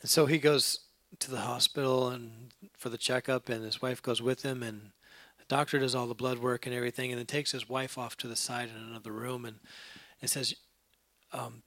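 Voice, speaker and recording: Male pastor, sermon delivery with bursts of emphasis, bright tone. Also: mid-range voice, flat delivery, normal speed, no echo. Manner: preaching, rising to loud emphatic passages. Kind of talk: sermon with an anecdote.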